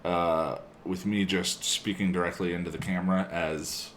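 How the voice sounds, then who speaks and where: A man's voice: deep voice, little pitch movement, moderate pace, a bit bright, slight background noise. A man live-streaming his video editing, chatting casually with viewers and muttering to himself while he works at a home desk.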